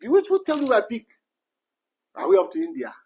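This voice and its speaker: Nigerian man, high and husky, emphatic rhetorical commentator. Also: huge pitch swings, brisk, a little mellow, poor audio. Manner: repetitive, rhetorical questions, emphatic. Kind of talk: impassioned rant.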